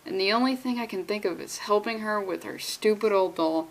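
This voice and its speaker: A woman vlogging a casual comic book read-along, with sarcastic, profane and animated rants. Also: mid-range voice, a little fast.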